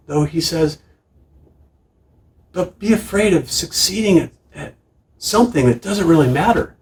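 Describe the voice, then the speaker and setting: A man's voice: a little high, darkish tone, slight background noise. A middle-aged man preaching a sermon as pastor, earnest and emphatic, with frequent restarts. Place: church sanctuary. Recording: distant room mic in a church.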